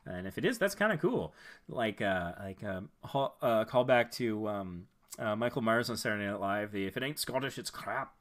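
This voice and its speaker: A man hosting a casual live stream, reviewing viewers' channels. He thinks out loud, rambles a bit with fillers and restarts, and gives friendly advice. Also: fairly low pitch, lively intonation, normal speed.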